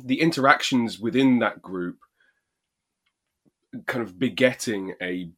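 A man's voice: mid-range voice, unhurried, pushed and bright. A man co-hosting a podcast, joking around and explaining things at length in casual chat. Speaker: podcast co-host.

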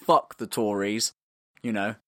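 A man co-hosting a podcast, bantering casually and voicing strong opinions. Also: a little slow. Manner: opinionated, lively, drops to a low mutter when arguing. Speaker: podcast co-host.

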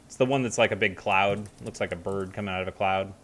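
A man's voice: sits low, steady tone, quick pace, fairly bright tone, a little hiss or hum. A man chatting casually as a co-host, rambling with many fillers and restarts. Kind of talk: casual chat.

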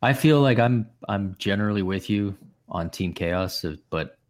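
Deep-voiced man musing over sports. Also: moderate pace. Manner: musing, thinks aloud with many restarts. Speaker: podcast co-host. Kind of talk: casual sports chat.

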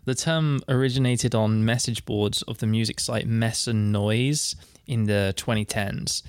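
A man's voice: on the low side, fairly even intonation, a little slow, clean tone, no room sound, studio quality. A man co-hosting a casual music podcast, reading out definitions and quotes and laughing easily. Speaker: podcast co-host.

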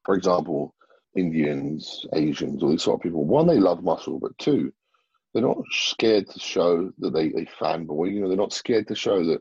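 A man's voice: low-pitched, expressive, normal speed, darkish tone, highs cut off. A man talking as a bodybuilder guest in a casual interview, blunt and swearing freely.

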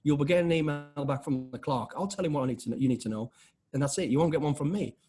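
A man in his fifties, an interview guest telling blunt, animated stories full of restarts and acted-out dialogue. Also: fairly high pitch, fast talker, faint music behind. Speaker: interview guest, former special forces soldier. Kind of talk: casual conversational storytelling.

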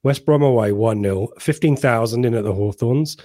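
English man, podcast host, halting speech, medium pitch, dry sound. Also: warm tone, dry recording. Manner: hesitant, repeats words, reads the live chat. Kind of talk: casual football chat.

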